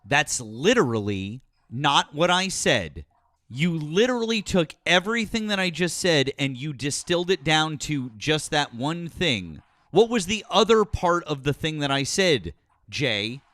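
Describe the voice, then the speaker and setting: A man's voice: fairly high pitch, sing-song, unhurried, fairly bright tone, no echo. A man hosting a call-in political talk show, berating a caller with profanity and repeating his demands.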